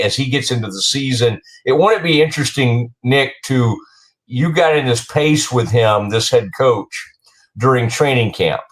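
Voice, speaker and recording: A man hosting a sports talk show, asking rambling questions with many halting restarts. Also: mid-range voice. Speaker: show host.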